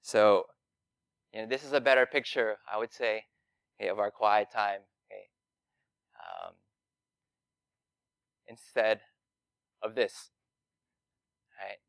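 A man's voice: fairly low pitch, sing-song, slow pace, creaky, pauses often, fairly bright tone, smooth, no echo. A man preaching a conversational sermon, earnest and plain-spoken, talking directly to his listeners.

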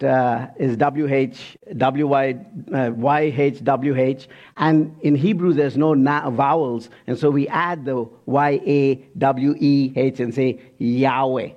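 A man preaching a sermon in church, reading scripture slowly and with emphasis, breaking off for casual asides. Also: medium pitch, darkish tone, dull audio. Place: church sanctuary.

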